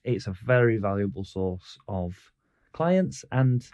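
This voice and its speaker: A man's voice: lowish voice, expressive, slow, a little mellow. A man co-hosting a podcast, chatting casually and laughing easily. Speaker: podcast co-host. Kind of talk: casual chat.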